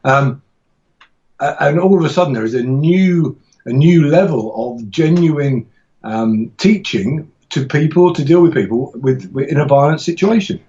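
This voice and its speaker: A man's voice: on the high side, a little slow, dark tone, muffled recording. A man talking casually as a podcast guest about teaching martial arts, rambling and enthusiastic, with frequent restarts and laughs.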